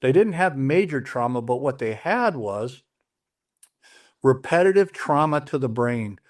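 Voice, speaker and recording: A man's voice: medium pitch, expressive, measured pace. Earnest middle-aged man sharing his story. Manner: earnest, plain-spoken, retelling dialogue. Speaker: interview guest. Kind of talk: personal story in an interview.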